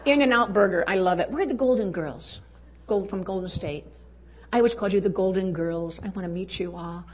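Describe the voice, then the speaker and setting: A woman's voice: mid-range voice, fairly quick. A woman speaking to a women's conference, telling folksy stories and chuckling often. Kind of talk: storytelling speech to a live audience.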